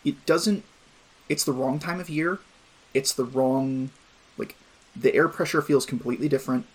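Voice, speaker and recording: A man narrating and running a tabletop game, explaining rules calmly. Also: mid-range voice, normal speed, breathy edge. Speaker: game master.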